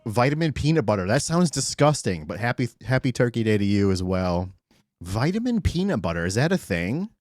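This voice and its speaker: An excitable man hosting a live stream, talking fast and loose with his viewers and swearing freely. His voice sits a little low for a man. He greets people by name as he goes. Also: dry recording, clean studio sound, soft background music. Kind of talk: casual live-stream chat.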